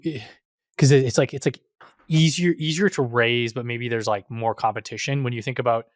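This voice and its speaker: A man's voice: mid-range voice, no room sound, studio quality. A man hosting a podcast, asking rambling questions and correcting himself mid-sentence. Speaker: podcast host. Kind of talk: casual podcast interviewing.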